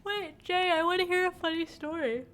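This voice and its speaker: A woman's voice: very high voice, moderate pace, a bit bright, faint music behind. A young woman giving playful let's-play commentary on a game and chatting to a viewer. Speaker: gaming streamer.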